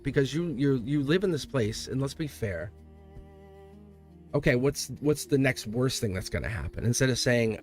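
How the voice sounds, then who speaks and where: Excitable man reading tarot live. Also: mid-range voice, normal speed, soft background music. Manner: excitable, rambling, laughs often. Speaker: tarot reader.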